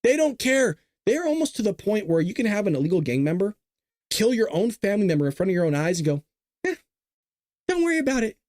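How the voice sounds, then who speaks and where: High-voiced ranting male commentator. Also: lively intonation, fast talker, a little mellow, no room sound, clean studio sound. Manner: ranting, sarcastic, addresses viewers directly. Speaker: show host. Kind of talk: political commentary.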